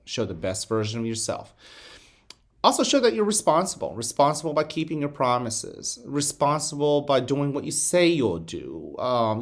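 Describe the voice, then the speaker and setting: Man, school principal, morning announcements, gentle guided breathing, encouraging, speaks to kids. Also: mid-range voice. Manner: encouraging, addresses children directly.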